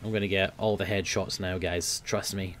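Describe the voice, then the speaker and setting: A young man giving casual gameplay commentary, swearing often and grumbling at his team, quick to flare up. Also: low voice, flat delivery, fairly bright tone, slight background noise. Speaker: gaming video host.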